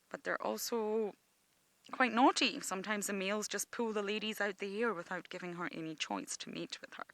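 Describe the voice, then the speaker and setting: A woman's voice: medium pitch, bright, forceful tone, no room sound. A woman from Britain, guiding a live outdoor game drive and explaining wildlife with enthusiasm. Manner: enthusiastic, explaining nature facts to viewers. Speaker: safari guide.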